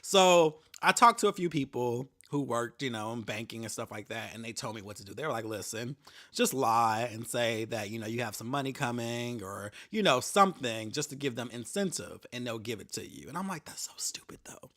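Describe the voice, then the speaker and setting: Young guy ranting on his podcast, cussing a lot, bright voice that jumps all over, does little mocking voices. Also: mid-range voice, a little fast. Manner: profane, animated storytelling with mocking voices. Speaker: podcast host. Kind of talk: casual solo rant.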